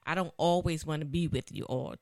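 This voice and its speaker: A woman's voice: low-pitched, brisk. A woman hosting a talk radio show, chatting casually and animatedly, often repeating herself.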